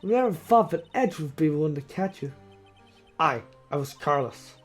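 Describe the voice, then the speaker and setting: A stern older chief prosecutor hands down a cold reprimand, played by a man. The voice is pushed up high and hoarse. Faint music runs underneath. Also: lively intonation, moderate pace.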